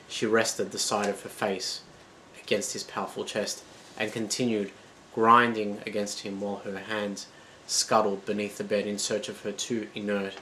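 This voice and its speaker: A man's voice: on the low side, sharp tone, slight background noise, low-quality recording. Man narrating a dramatic story. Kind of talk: scripted narration.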